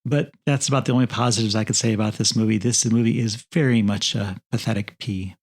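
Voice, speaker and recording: A man's voice: lowish voice, fairly even intonation, fast talker, husky. A man co-hosting a film podcast, giving dry, wry commentary in casual chat. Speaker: podcast co-host.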